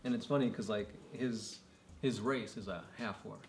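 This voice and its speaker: A relaxed man co-hosting a casual chat, loose and unhurried. He is in a roomy, echoing space. A faint hiss sits behind his voice. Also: fairly low pitch. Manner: casual, laid-back, lots of "like" fillers. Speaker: podcast co-host. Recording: echoey room with faint noise.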